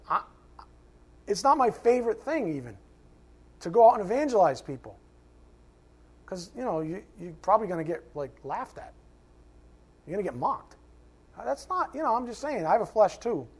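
Animated joking pastor, slightly high voice. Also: male voice, husky. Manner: animated, joking, shouts at times; conversational, self-mocking asides. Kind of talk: sermon.

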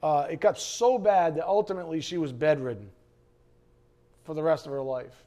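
A middle-aged pastor delivers his sermon in a lively, conversational way, full of asides to the listeners. His voice sits a little on the high side for a man. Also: moderate pace. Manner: animated and conversational, with frequent asides.

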